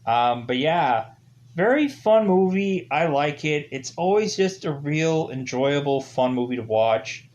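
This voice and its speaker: A man's voice: a little high, lively intonation, unhurried, darkish tone. Rambling man retelling a movie. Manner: rambling, heavy use of "like" and "ultimately". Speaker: movie reviewer. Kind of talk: casual movie review retelling a plot.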